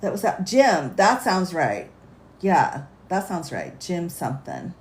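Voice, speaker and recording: Chatty woman with lowish voice. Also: huge pitch swings, takes it slowly, darkish tone, slight background noise. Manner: chatty, laughs often, reads text aloud. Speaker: attorney explaining law. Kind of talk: livestream legal explainer. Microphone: phone livestream.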